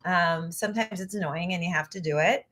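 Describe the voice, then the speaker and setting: A vocal coach with a lowish, slightly bright voice talks fairly quickly through a live online ear-training class. She clears her phlegmy throat a lot and bursts into short sung demos.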